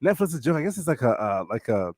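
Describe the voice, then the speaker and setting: Male podcast co-host, lively rambling delivery, dry close mic, laughs a lot. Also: medium pitch, quick pace, dry recording. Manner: rambling, laughs often, frequent fillers and restarts. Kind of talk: casual chat.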